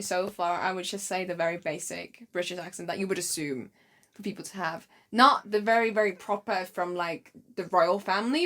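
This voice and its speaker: A woman co-hosting a podcast in casual chat, animated, acting out quotes and laughing often. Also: on the low side. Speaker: podcast co-host.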